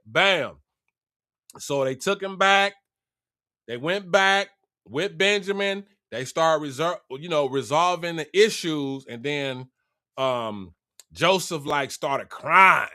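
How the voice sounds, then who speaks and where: A man retelling a Bible story in a casual, slangy and animated way. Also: fairly high pitch, slow pace.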